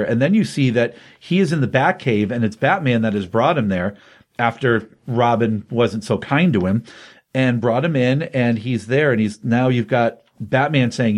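A man hosting a comics podcast and retelling a comic book story in a loose, conversational way, dipping in and out of quoted lines. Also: medium pitch. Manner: animated storytelling with quick voiced quotes.

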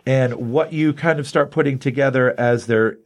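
A male podcast host retells a comic book's plot in a casual, animated way. His voice sits at a middle pitch, and he is chatting with a co-host. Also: moderate pace. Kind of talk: casual comic book review chat.

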